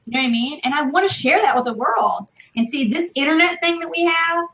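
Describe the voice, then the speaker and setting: A woman's voice: high-pitched, lively intonation, a little fast, bright, forceful tone, highs cut off, a little hiss or hum. A woman in her thirties, a guest on a casual live-stream interview, talking with passion and emphasis and swearing freely. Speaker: interview guest, online business marketer. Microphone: video call.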